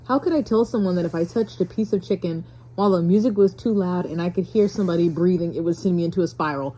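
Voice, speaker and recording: A woman talks through her reading vlog from bed, mixing passages read aloud with lively reactions and bursts of laughter. Her voice sits fairly low for a woman. A faint hum of background noise runs under the recording. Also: quick pace. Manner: animated, laughs often, reads passages aloud. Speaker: book vlogger. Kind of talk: casual reading vlog chat. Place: in bed at home.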